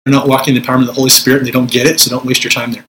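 A man's voice: medium pitch, level tone, racing, a bit bright, slight background noise, poor audio. A middle-aged man, a Pentecostal minister, teaching spiritual warfare in a conversational preaching style, acting out prayers in a commanding voice.

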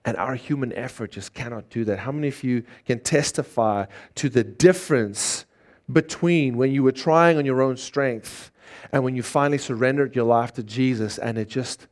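A man's voice: medium pitch, moderate pace. A man preaching a sermon, earnest and emphatic, leading call-and-response in a church service. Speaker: pastor.

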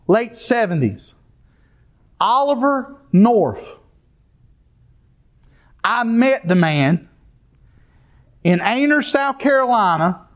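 A man preaching a sermon, telling stories and calling out to the congregation. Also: high voice. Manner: storytelling, addresses the congregation directly.

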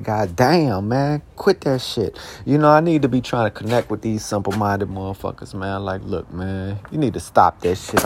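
A young man hosting a podcast, talking alone in a rambling, profane, streetwise way, now and then flaring into heated questions. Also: mid-range voice. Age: young adult. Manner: heated bursts into shouted questions. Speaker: podcast host. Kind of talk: casual monologue.

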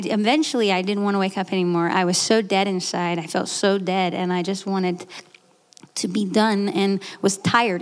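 A woman in her late thirties giving a candid, earnest personal testimony, with restarts and quick laughs. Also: medium pitch. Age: 30s. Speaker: guest speaker. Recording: echoey hall.

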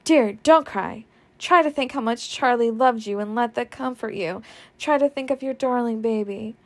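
A woman voicing a kind, gentle young woman who speaks softly and soothingly. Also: fairly high pitch, moderate pace, lightly acted. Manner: soft, soothing.

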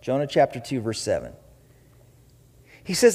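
A man preaching as pastor to his church, with an animated delivery, rising for emphasis and slowing for dramatic pauses. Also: fairly high pitch, big-room sound. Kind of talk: sermon. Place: church sanctuary.

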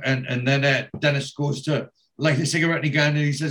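Brief: male host, casual recap, quick shifts into character voices, mid-pitched. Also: steady tone, fairly bright tone. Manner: acts out each character's lines, with frequent fillers and restarts. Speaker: podcast host recapping a TV episode. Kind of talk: casual retelling.

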